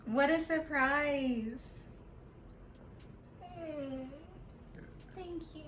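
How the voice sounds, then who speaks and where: Woman vlogger, crying with joy, slow and breathless, bright tone, roomy echo with faint hiss. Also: high voice, animated. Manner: tearful and giggly, repeating exclamations. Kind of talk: casual chat.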